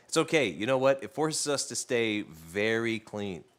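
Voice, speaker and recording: A man's voice: lowish voice, big pitch swings, moderate pace, a bit bright. A man live-streaming while he cooks, chatting casually with viewers, telling jokey stories and teasing his dog. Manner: loose, joking storyteller who talks to his dog. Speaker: cooking streamer.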